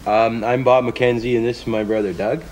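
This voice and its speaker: A man doing Bob McKenzie, loud Canadian hoser. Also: mid-range voice, level tone, normal speed, a little hiss or hum, voice pushed down, natural voice, poor audio. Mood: jolly. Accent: Canadian, put on. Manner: bickering, laughing, hoser banter.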